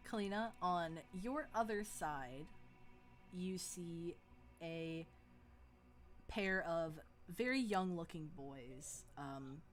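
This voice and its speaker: A woman narrating a tabletop game as game master, unhurried, with frequent ums. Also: lowish voice, expressive, faint music behind.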